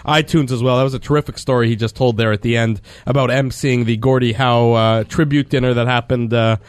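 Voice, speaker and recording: Male sports talk host, casual and chatty, medium pitch, dry studio mic. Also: fairly even intonation, brisk, clean tone, no echo.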